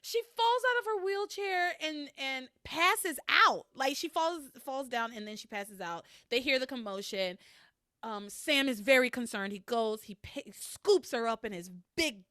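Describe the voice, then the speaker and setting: A woman hosting a podcast, recapping episodes in a casual, animated way, laughing often and swearing freely. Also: high voice, unhurried, dry recording, clean studio sound. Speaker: podcast host recapping a soap opera. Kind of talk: casual chat.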